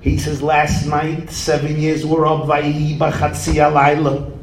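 Brief: lively male storyteller with a high voice, folk tale with Yiddish phrases, echoey room. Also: measured pace, far from the mic. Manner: animated and theatrical. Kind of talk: folk tale telling, sprinkled with Yiddish and Hebrew words.

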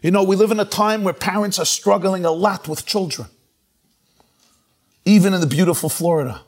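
A man's voice: normal speed, breathy edge. A middle-aged man, a rabbi, giving a sermon full of stories and acting out the quotes with big swings in his voice. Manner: expressive storyteller, acts out quotes with big pitch swings. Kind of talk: sermon with storytelling.

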